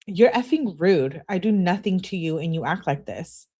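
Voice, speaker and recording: A woman's voice: fairly low pitch, animated, normal speed, dark tone, slightly rough. A woman reading aloud as an upset teenage girl, clingy and indignant, complaining in an exasperated way. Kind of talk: reading text messages aloud.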